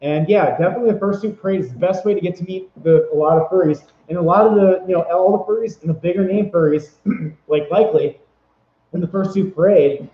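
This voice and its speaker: A man's voice: high-pitched, fairly quick. A man casually giving tips in a vlog, rambling and upbeat with lots of fillers and restarts. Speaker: vlogger giving convention tips. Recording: echoey room, dull lo-fi sound.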